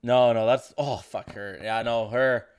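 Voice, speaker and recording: A man's voice: mid-range voice, steady tone, measured pace, a little mellow, clean tone. Man, casual co-host, hesitant, mumbly at times, swears a lot. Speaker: co-host talking about his dating life. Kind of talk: casual chat.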